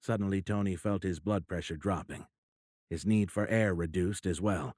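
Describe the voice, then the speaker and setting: A man narrating a sci-fi audiobook in a steady, measured storytelling manner. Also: sits low, dry recording, studio quality. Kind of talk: scripted narration.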